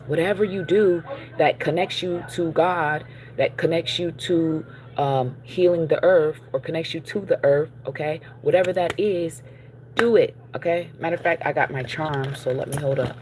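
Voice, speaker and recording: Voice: mid-range voice, darkish tone, a little hiss or hum. Chatty, encouraging tarot reader voice. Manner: encouraging, checks in with listeners with frequent "okay?" and "all right?"; loose and chatty, with fillers and self-corrections. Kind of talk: casual spiritual card reading.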